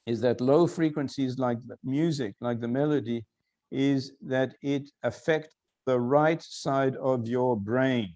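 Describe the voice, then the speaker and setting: A man giving a recorded lecture, explaining slowly and repeating key phrases for emphasis. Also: medium pitch, darkish tone, muffled recording.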